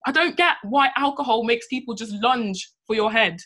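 A woman's voice: fairly high pitch, normal speed, fairly bright tone, breathy edge. A woman chatting casually, speaking in a blunt, emphatic, sassy way. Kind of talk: casual chat.

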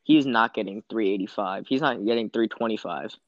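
A man's voice: lowish voice, fairly quick, no room sound, dull audio. A man giving confident, opinionated takes on baseball in casual chat.

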